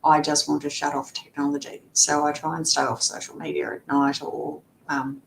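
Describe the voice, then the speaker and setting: A woman's voice: flat delivery, moderate pace, creaky, low-quality recording. A middle-aged woman, a lawyer guest in a casual interview, talking chattily with frequent fillers and laughs. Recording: faint background rumble.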